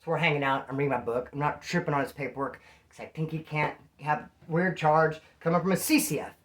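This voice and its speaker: A man from Bakersfield tells a story from his prison days. He talks fast, in animated street slang, as a casual storyteller. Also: on the high side. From Bakersfield, California.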